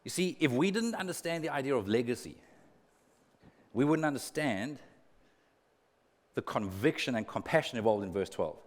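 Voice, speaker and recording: A man's voice: medium pitch, animated, normal speed, pauses often, big-room sound. A male pastor preaching a sermon in an earnest way, repeating words for emphasis and adding humorous asides. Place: church auditorium.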